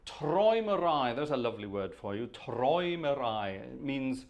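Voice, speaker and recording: A middle-aged British man with a posh accent, hosting a relaxed organ music livestream in a rambling, chatty way and chuckling at his own asides. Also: medium pitch, brisk, vocal fry, dull audio. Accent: posh British English. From Britain. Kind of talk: casual livestream chat between organ pieces. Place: organ room.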